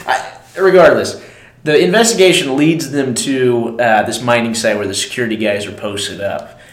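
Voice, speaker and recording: A man's voice: medium pitch, normal speed. A laid-back man with a mid-range voice chats about movies, slipping in casual slang as he goes. The room around him is echoey, and it gives his voice a roomy sound. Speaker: podcast co-host. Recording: roomy echo.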